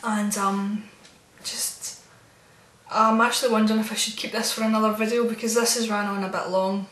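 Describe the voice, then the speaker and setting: A woman's voice: medium pitch, level tone, normal speed, slight background noise. A woman vlogging casually, telling a rambling, spooked story about her experiences. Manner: chatty, meandering, with soft spooked asides. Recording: roomy echo.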